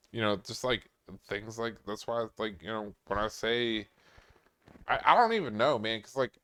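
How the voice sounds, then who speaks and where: Young man, from New York, smooth clear voice, casual podcast chat, animated, lots of fillers. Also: mid-range voice. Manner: animated, loose, many fillers. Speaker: podcast guest.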